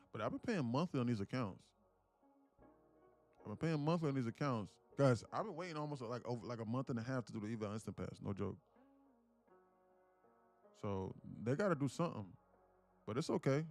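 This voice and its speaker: A man's voice: mid-range voice, animated, a little fast, pauses often, darkish tone, soft background music. A man hosting a live day-trading stream, talking casually and profanely to his chat. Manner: laid-back, profane, addresses chat as guys. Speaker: day-trading livestream host. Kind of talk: casual livestream commentary.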